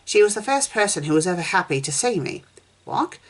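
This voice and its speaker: A woman reading a first-person fan story aloud at a steady pace, with small slips and restarts as she goes. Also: lowish voice, quick pace. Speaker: fanfiction reviewer.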